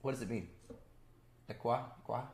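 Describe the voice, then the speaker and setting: A man's voice: medium pitch, moderate pace, a little mellow. A man talks casually on a live stream from his home, loose and chatty. He rambles from one thing to the next and laughs often. He keeps breaking off to read out and answer viewer messages.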